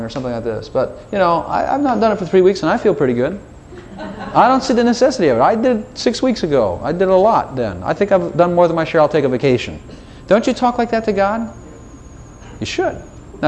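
Guy preaching casual, kinda high voice, chatty and playful, acts out his prayers. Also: slight background noise. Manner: chatty and animated, with playful asides and little laughs; voices his own prayers to God in quoted dialogue. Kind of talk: informal sermon.

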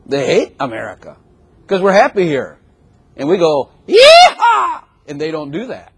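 Animated husky preacher man. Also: fairly high pitch, normal speed. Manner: animated, conversational preaching with sudden shouts. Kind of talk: sermon.

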